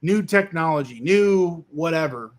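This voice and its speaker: A man hosts a casual livestream and reads out comments from his viewers, answering each one in turn. He talks slowly and loosely, with lots of "um"s and restarts. His voice sits a little higher than most men's. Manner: relaxed, rambling, many fillers and restarts. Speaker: livestream host answering chat. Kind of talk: casual live chat.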